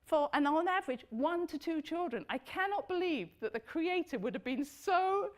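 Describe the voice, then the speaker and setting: A middle-aged woman giving a lively talk to an audience, swooping high for emphasis and dropping low and soft. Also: moderate pace.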